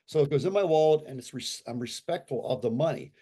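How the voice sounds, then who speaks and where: A man in his sixties, a guest on an interview, who talks in an animated and emphatic way and repeats his points for effect. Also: medium pitch, fast talker. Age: 60s. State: recovering from a stroke. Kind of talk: casual conversational talk.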